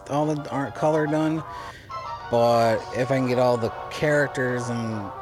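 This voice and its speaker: Rambling man narrating his gameplay. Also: mid-range voice. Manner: rambling, repeats and restarts himself. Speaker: let's play commentator. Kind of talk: casual gameplay commentary. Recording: game music audible underneath. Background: game music.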